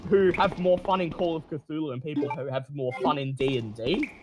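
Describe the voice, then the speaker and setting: A man's voice: a little high, fairly quick, background noise. A man streaming a game, explaining at length in casual chat, with frequent restarts and fillers.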